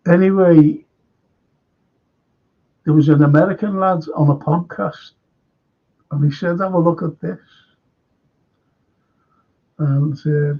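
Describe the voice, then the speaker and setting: A Scouse man hosts a live stream, talking slowly and rambling from point to point as he reads out viewer comments. His voice is gravelly and husky, pitched a little high. The audio comes through dull and lo-fi. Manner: rambling, chatty, stop-start. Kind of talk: casual chat reading viewer comments.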